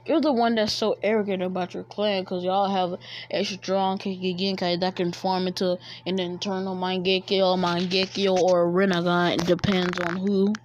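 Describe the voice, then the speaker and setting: A woman's voice: lowish voice, little pitch movement, moderate pace, a little hiss or hum, natural voice. A woman voicing a proud, sulky rival boy ninja, muttering insults. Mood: resentful.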